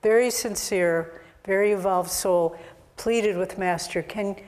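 A woman's voice: medium pitch, measured pace, a little mellow. A woman spiritual teacher giving an earnest, exhortative sermon, recorded with long hall reverb.

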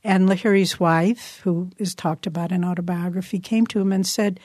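A woman spiritual teacher giving a meditation talk, telling stories earnestly and slowing her words down for emphasis. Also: lowish voice, fairly even intonation, darkish tone, no room sound, studio quality.

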